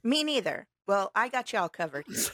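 A woman's voice: medium pitch, sing-song, normal speed, a bit bright, no echo, studio quality. A woman co-hosting a podcast in casual chat, giggling often and playful as she reads things aloud. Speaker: podcast co-host.

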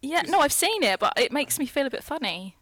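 Woman, laughing, self-conscious, lively high voice, casual chat. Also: fairly quick, crowd noise. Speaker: podcast co-host. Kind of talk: casual banter.

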